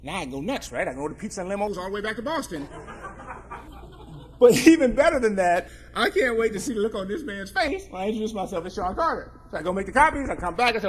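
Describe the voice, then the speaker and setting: A male attorney telling a humorous story to an audience, with joking, animated asides. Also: sits high, quick pace, slight background noise. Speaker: attorney and speaker.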